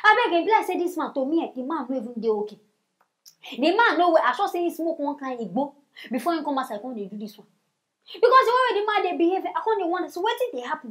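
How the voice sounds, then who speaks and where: Animated Nigerian woman gossip host. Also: high voice. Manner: animated, mocking, scolding. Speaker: news show host. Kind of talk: comic celebrity gossip commentary.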